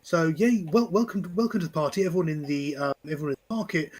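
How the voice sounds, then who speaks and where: Husky lady game-mastering a tabletop stream, voice jumps all over, keeps tripping on her words and laughing. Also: deep voice, animated, quick pace, a little mellow. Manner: laughing often, stumbling over repeated words.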